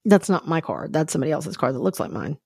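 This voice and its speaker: In a studio-quality recording with no echo, a woman co-hosting a podcast tells a story in casual chat, animatedly acting out the other people's lines. Her deep voice is gravelly and slightly rough, and she talks at a quick pace.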